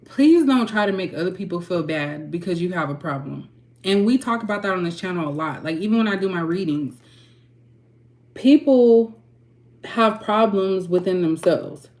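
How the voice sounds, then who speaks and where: A woman tarot reader and channel host, ranting frankly and heatedly to her viewers and clearing her throat often. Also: on the low side, expressive, normal speed, a little mellow. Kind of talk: candid ranting vlog.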